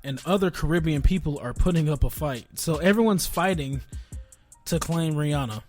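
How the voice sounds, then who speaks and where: A man's voice: a little high, normal speed, a little mellow, faint music behind. A man co-hosting a casual podcast, chatty and laughing often as he tells stories. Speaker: podcast co-host. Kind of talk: casual chat.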